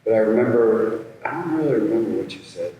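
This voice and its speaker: A man in a casual Bible discussion, reminiscing in an unhurried way, heard from a distant mic in an echoey room with noise behind. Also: lowish voice, lively intonation, warm tone.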